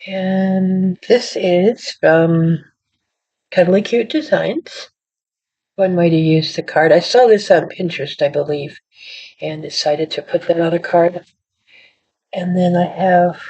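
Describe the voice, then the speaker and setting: Low-voiced woman chatting about her crafts. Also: a little mellow, breathy edge. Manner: rambling, self-deprecating, apologetic. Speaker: card-making channel host. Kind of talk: casual show-and-tell chat. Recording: dull lo-fi audio.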